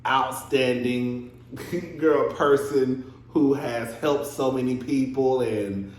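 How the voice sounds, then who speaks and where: A young adult man casually recapping a reality TV episode, animated and laughing, acting out scenes in exaggerated voices. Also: medium pitch, slow pace, slight background noise. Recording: echoey room.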